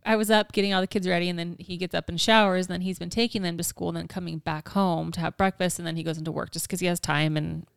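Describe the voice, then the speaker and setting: A woman's voice: fairly low pitch, steady tone, quick pace, creaky, few pauses, clear, resonant tone, no room sound, clean studio sound. A woman in her thirties co-hosting a parenting podcast, chatty and laughing as she tells stories about her family. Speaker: podcast co-host. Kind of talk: casual chat.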